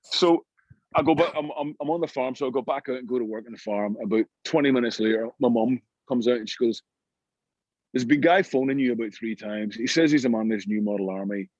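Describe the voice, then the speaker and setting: A middle-aged Scottish man telling anecdotes in an interview, lively and full of restarts. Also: medium pitch, a little fast, no room sound, lo-fi sound. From Scotland. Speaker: guest musician. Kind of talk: storytelling interview.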